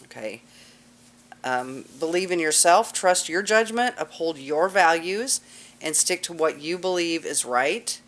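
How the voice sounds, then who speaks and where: A woman's voice: fairly low pitch, animated, a little slow. A woman teaching a cosmetology class in a casual, chatty lecture with lots of fillers. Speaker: cosmetology instructor.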